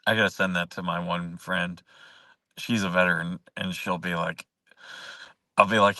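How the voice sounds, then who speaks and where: A man's voice: low-pitched, measured pace, sharp tone, no room sound. A man hosting a casual live-stream chat, laughing often and joking loosely with viewers. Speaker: host.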